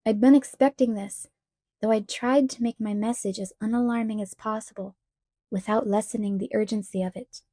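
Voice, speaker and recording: A woman narrating a novel aloud in a measured, even storytelling manner. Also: on the high side, dry recording, clean studio sound. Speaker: audiobook reader. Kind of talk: scripted narration.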